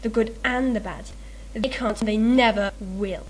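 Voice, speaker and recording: Brief: woman playing a manipulative young male shadow double. Low and insinuating, with a slightly high voice. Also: moderate pace, darkish tone, a little hiss or hum, natural voice, rough recording. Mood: coaxing.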